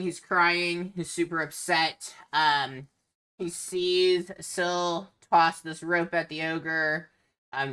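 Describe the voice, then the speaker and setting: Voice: medium pitch, bright, forceful tone, smooth. A game master narrating a tabletop game, hesitant and full of filler sounds.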